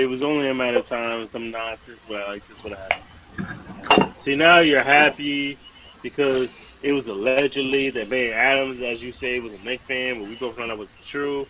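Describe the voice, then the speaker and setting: A medium-pitched man co-hosting a podcast trash-talks sports rivals with brash, repetitive emphasis in heated banter. Heavy background noise sits under his voice.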